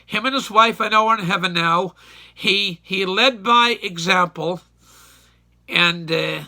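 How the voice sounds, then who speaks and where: Bright-voiced older man spinning a folksy tale. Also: sits high, unhurried. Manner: folksy, rambling, opinionated, with emphatic repeats. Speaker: YouTube storyteller. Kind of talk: casual spoken recollection.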